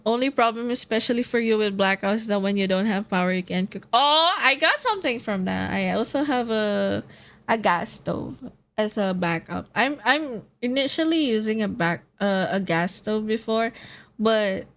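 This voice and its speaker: A woman's voice: medium pitch, expressive, normal speed, fairly bright tone. A sleepy young woman from the Philippines, streaming and chatting casually, rambling, yawning, laughing often and swearing. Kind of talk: casual chat.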